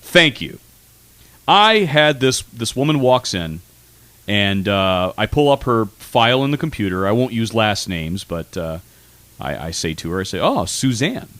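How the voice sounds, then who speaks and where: Animated male radio co-host. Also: lowish voice, unhurried, dry recording. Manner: animated and rambling, with frequent fillers. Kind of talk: casual comedic radio banter. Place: radio studio.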